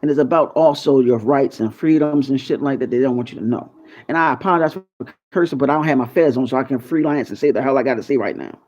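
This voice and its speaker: A YouTube host talks quickly in a medium-pitched, somewhat dark voice, rambling to viewers in a casual freestyle monologue. He sounds conspiratorial and swears freely, with dull lo-fi sound.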